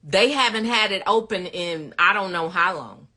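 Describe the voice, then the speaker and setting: A woman's voice: medium pitch, moderate pace, sharp tone. A woman hosting a casual livestream, greeting viewers by name and laughing often as she answers their questions. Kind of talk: casual live chat.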